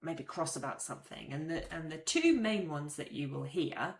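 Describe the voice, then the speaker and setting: A woman's voice: deep voice, lively intonation, moderate pace, roomy sound. A woman teaching French phrases in a chatty, explanatory way, acting out examples. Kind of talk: casual video lesson.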